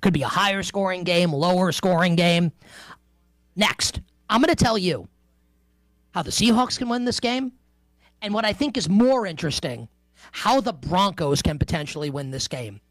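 A man's voice: high-pitched, expressive, moderate pace, long pauses, fairly bright tone, no echo. A man hosting a sports betting radio show, talking emphatically with playful asides. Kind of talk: animated sports talk radio. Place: radio studio.

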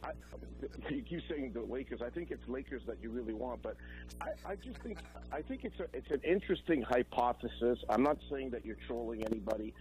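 A man calling in to a sports radio show, rambling with halting restarts. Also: mid-range voice, expressive, darkish tone, a little hiss or hum, poor audio. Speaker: caller. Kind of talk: phone-in chat.

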